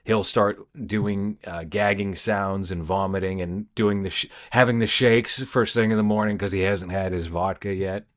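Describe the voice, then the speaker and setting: A man's voice: deep voice, fairly even intonation, moderate pace, hardly any pauses. A man co-hosting a podcast, chatting casually with dry, sarcastic humor. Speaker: podcast co-host. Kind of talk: casual chat.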